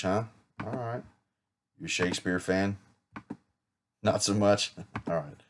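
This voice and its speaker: Man, lowish voice, rehearsing a sales pitch, chatty and joking, faint typing behind. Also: slow, pauses often, background noise. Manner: casual, chatty, self-correcting with small jokes. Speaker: insurance agent rehearsing a client pitch. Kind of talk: practice sales role-play.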